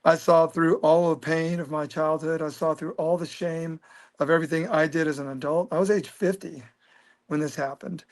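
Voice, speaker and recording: Earnest man in his fifties, slightly high. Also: normal speed. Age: 50s. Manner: earnest, animated storyteller. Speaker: guest. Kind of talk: personal storytelling in a podcast interview.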